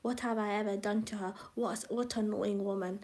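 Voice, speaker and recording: A woman's voice: mid-range voice, steady tone, normal speed, darkish tone. A young woman live-streaming, reading from her own book in a rambling, self-conscious way, breaking off with asides to her viewers. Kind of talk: live casual reading and chat.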